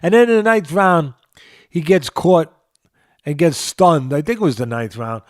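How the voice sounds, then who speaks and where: A man's voice: a little high, lively intonation, normal speed, no room sound, clean studio sound. A man in his sixties with a New York accent, breaking down a boxing match as a podcast host, emphatic and repeating phrases for emphasis. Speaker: boxing trainer and show host. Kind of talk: boxing analysis podcast talk.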